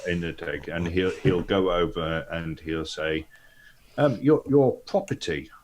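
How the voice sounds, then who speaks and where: A man's voice: low voice, fairly even intonation, a little slow, a little hiss or hum. A man playing a tabletop game, speaking hesitantly with stammers and fillers. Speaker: player.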